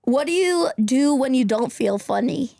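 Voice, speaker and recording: A woman hosts a podcast and asks her guest chatty, curious questions. Her voice sits a little high with a lot of vocal fry. The sound is dry and close to the mic. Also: expressive, measured pace, mellow, dry recording. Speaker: podcast host. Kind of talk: casual podcast interview.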